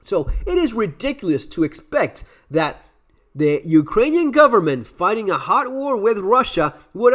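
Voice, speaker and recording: A man's voice: sits high, a bit bright. A Latin American man whose first language is Spanish, with an Argentine Spanish accent, giving heated, sarcastic commentary on clips as the channel host. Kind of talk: opinionated commentary.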